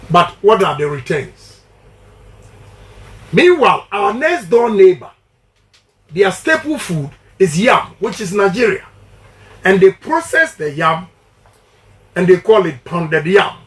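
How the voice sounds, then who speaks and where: A middle-aged man with a Ghanaian English accent, giving a campaign interview in an emphatic, preacher-like cadence with repeated slogans. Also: sits high. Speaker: politician giving a radio interview.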